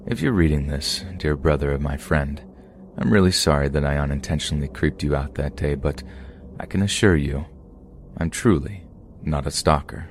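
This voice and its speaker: A man hosting a podcast, reading submitted true scary stories aloud in a steady, measured way. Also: rumbling low, slight background noise. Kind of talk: scripted horror story narration.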